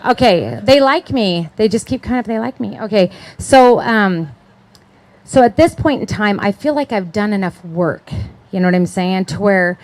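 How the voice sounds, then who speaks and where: A woman's voice: mid-range voice, moderate pace, a little mellow. A middle-aged woman giving a chatty, conversational sermon at a conference, often checking in with her listeners and laughing. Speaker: conference speaker.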